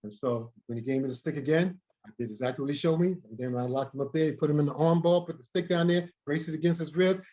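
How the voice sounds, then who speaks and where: A man's voice: on the high side, fast, hardly any pauses. Man telling a story on a muffled recording. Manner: animated storyteller who repeats and restarts words. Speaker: guest. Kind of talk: storytelling in a conversational interview. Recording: dull lo-fi recording.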